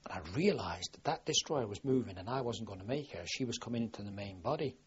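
A man's voice: on the low side, animated, fast, slightly rough. An older man from southwest England, a war veteran, recalling his experiences in a rambling, plain-spoken way full of restarts. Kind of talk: oral history recollection. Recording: dull lo-fi archive recording.

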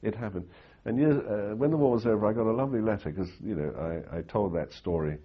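Older male interviewee, anecdotal storyteller; deep, husky voice on a slightly dull recording. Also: quick pace. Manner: anecdotal, rambling with restarts and fillers. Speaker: interviewee recalling war reporting.

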